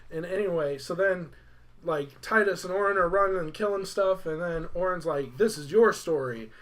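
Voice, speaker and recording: Young male let's-play host, slightly high voice, loose rambling recap full of fillers. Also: moderate pace, a bit bright. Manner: rambling, filler-heavy storytelling with "like". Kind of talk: casual game recap.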